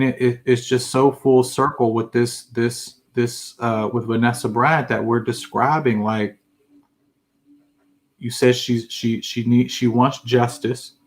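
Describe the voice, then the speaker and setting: A man at a middle pitch speaks in an unhurried way as he co-hosts a podcast. He talks earnestly, stumbling over repeated words as he works out what he wants to say. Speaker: podcast co-host. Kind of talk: casual podcast discussion.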